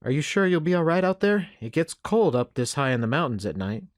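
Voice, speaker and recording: A woman's voice: sits low, very animated, a little fast, no echo, clean studio sound, pitched above the performer's own voice. A man voicing a kindly frontier mother who is firm but caring with her young son. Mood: motherly. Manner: gently scolding, motherly.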